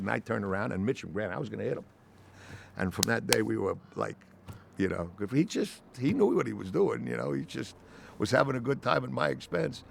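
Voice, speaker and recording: An older man, an actor, telling a rambling, animated anecdote in an interview with lots of "you know". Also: fairly low pitch, brisk, gravelly, slight background noise.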